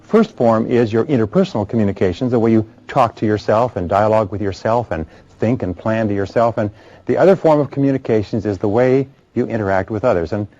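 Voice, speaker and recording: Mellow low-voiced male lecturer. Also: brisk, no room sound. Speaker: motivational speaker. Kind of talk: motivational seminar lecture. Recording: dull lo-fi recording.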